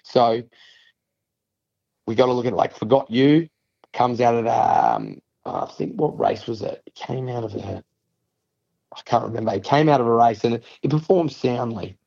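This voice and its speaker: A man's voice: mid-range voice, sing-song, normal speed, vocal fry, long pauses, warm tone, breathy edge. Australian man talking racing form, lo-fi. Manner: analytical, rambling through form lines with fillers. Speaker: racing tipster co-host. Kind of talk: casual racing tips chat.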